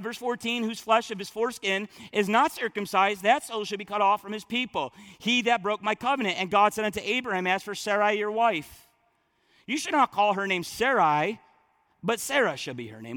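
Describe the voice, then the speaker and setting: A man preaching a sermon, reading scripture aloud and breaking into animated, conversational asides. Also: sits high, moderate pace. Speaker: pastor.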